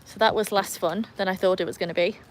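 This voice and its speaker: Speaking quickly in a mid-range, fairly level voice, an Englishwoman livestreams outdoors next to her backyard pool while it rains, chatting casually with viewers and her dogs. The phone recording carries a little hiss or hum along with faint rain and outdoor sounds.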